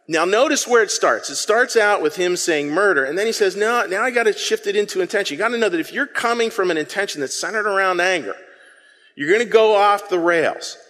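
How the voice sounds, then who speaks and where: A man preaching a sermon in a conversational, animated way, acting out quoted lines as he goes. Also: a little high. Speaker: pastor. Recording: long hall reverb.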